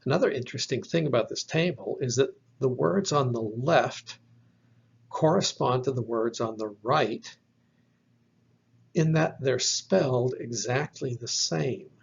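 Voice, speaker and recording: A man gives a slide lecture at an unhurried, deliberate pace, spelling words out letter by letter. His voice is gravelly and a little husky. The recording sounds dull and lo-fi. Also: mid-range voice. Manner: slow, careful, spells out letters. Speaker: teacher.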